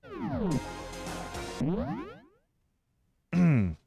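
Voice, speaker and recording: A man's voice: fairly high pitch, huge pitch swings, extremely slow, gravelly, over music. A man streaming a game, recapping and chatting casually into a headset mic, rambling and laughing often. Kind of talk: casual gameplay commentary.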